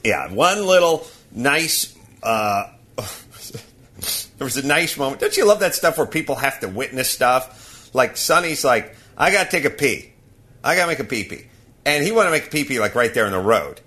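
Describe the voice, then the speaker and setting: A man's voice: medium pitch, very animated, normal speed, sharp tone. A man hosting a podcast, ranting and laughing through a casual comic story. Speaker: podcast host.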